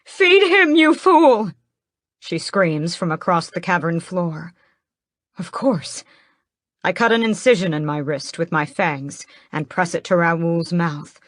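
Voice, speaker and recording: Woman reading an audiobook, slow and steady, lowish voice, dry close mic. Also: no room sound. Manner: measured, steady storytelling. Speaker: audiobook narrator. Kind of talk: first-person fantasy audiobook narration.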